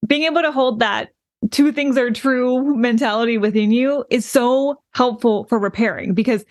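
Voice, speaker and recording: A woman's voice: fairly high pitch, normal speed, no echo. A woman co-hosting a podcast in casual discussion, affirming her partner often and reflecting on parenting ideas. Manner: affirming, frequent "mm-hmm", reflective. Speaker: podcast co-host. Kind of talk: casual book club discussion.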